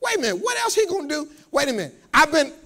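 A man preaches a sermon, speaking straight to his congregation and asking them to answer back. His voice sits high and swings widely in pitch. He repeats words and climbs from quiet asides to shouted peaks. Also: sing-song, very fast. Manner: call-and-response preaching, rising to shouts. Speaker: pastor. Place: church.

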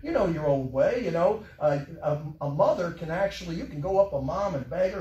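High-voiced preacher man in echoey church. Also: very animated, brisk, few pauses, distant mic, a little hiss or hum. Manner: emotional storytelling, voice dropping soft then rising. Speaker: pastor. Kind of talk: sermon. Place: church sanctuary.

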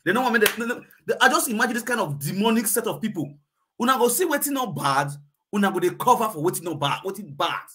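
A man's voice: sits high, big pitch swings, fast talker, pushed and bright, slightly rough. A man with a Nigerian Pidgin accent hosting a live video chat, ranting emphatically and repeating himself. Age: adult.

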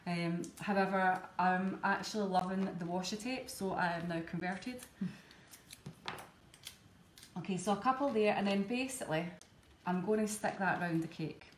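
A woman's voice: medium pitch, slight background noise. A woman with a Scottish accent, chatting her way step by step through a live cake-decorating demonstration. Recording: echoey room, faint background ambience.

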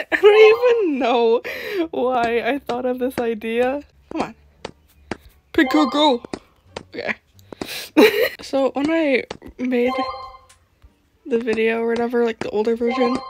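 A woman's voice: high-pitched, slight background noise. A woman hosting a gaming channel, chatting casually and giggling as she talks to the characters in her game. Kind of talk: casual gameplay commentary.

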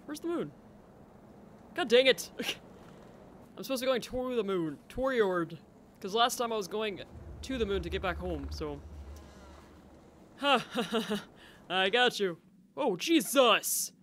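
Man, high voice, let's play commentary, talks to himself, jumpy, laughs a lot. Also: lively intonation, normal speed, pauses often, fairly bright tone, a little hiss or hum. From United States. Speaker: gameplay commentator.

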